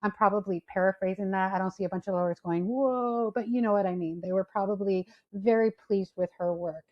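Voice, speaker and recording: A woman's voice: medium pitch, quick pace, lo-fi sound. A woman giving a career talk on a video call, telling a story and acting out the people in it. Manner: storytelling, animated quoted voices. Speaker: speaker. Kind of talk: career talk to an online audience.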